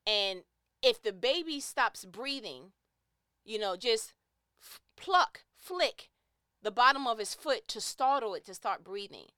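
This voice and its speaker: A woman's voice: fairly high pitch, lively intonation, measured pace, pushed and bright, no echo, clean studio sound. A woman giving an impassioned, preachy motivational monologue, emphatic and repeating phrases to drive her point home.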